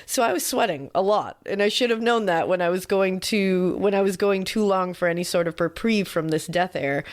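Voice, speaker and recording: A woman's voice: medium pitch, normal speed. A young adult woman co-hosting a podcast, reading a listener's story aloud in a casual comic way with profane asides. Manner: wry, profane asides and laughs.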